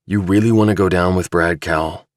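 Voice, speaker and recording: A calm, probing investigator, read by a deep-voiced man. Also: brisk, dry recording, studio quality, lightly acted. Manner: level, pressing questions. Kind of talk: audiobook dramatization.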